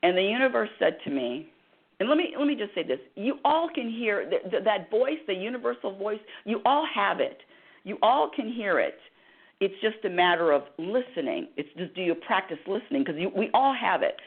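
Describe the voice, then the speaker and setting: Brief: woman talk-radio host, impassioned storyteller, middle pitch, tinny phone-line sound. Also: big pitch swings, moderate pace, breathy edge. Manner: impassioned storytelling with dramatized dialogue. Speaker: radio host and happiness coach.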